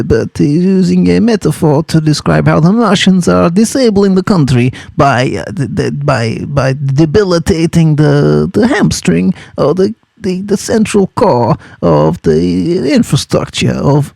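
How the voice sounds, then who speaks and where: A man teaches students about a novel in a loose, chatty, playful way, hammering home the points they need to write down. His voice is gravelly and mellow, sitting a bit high for a man. The recording is dry and close. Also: expressive, moderate pace, hardly any pauses, no echo. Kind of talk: study guide explanation.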